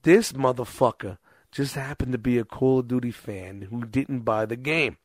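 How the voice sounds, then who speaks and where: A man's voice: mid-range voice, moderate pace, dry recording. Profane rambling male storyteller, dry mic. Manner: rambling, profane, acts out quotes.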